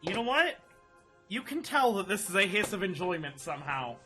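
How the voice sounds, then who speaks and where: A man running a tabletop game as dungeon master, animated and laughing often. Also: high voice, normal speed, faint music behind.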